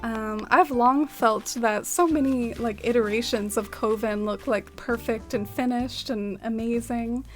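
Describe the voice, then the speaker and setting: A woman's voice: a little high, steady tone, measured pace, few pauses, soft background music. A young woman streaming a game and chatting casually with viewers, filling her talk with "like" and "um" and laughing often. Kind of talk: casual gameplay chat with viewers.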